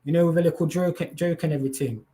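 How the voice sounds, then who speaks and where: A man's voice: fairly high pitch, fairly even intonation, fast talker, dark tone. A man talking casually and at length as host of a live stream, using slang and often repeating himself. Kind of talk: casual live chat monologue.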